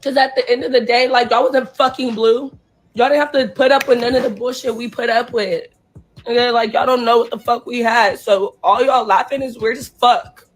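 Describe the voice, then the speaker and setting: A young woman performer, crying and hoarse, ranting profanely and in distress straight at her livestream viewers. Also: fairly high pitch, fairly even intonation, moderate pace, poor audio. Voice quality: husky. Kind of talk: emotional livestream rant.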